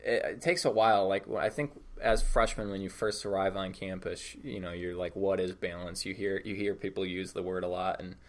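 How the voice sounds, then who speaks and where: Deep-voiced young man, easygoing chat. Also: steady tone, a little fast, hardly any pauses. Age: young adult. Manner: easygoing, repeats words as he restarts. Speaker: podcast guest. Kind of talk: casual podcast chat.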